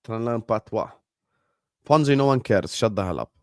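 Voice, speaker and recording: A man's voice: lowish voice, lively intonation, normal speed, dry recording. Man, non-native English speaker, live stream host, rambling casual chat, reads chat aloud, dry close mic. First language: not English. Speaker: livestream host.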